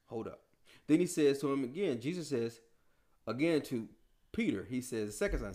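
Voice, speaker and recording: Animated preacher man with lively pitch. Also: normal speed. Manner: casual slangy preaching with rhetorical questions. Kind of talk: sermon.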